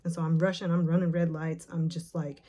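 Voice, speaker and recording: A woman vlogger retelling a painful memory, emotional and nervous, with halting speech full of fillers and restarts. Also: low-pitched, little pitch movement, warm tone. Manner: retells scenes by acting out the quotes. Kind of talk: personal storytelling to camera.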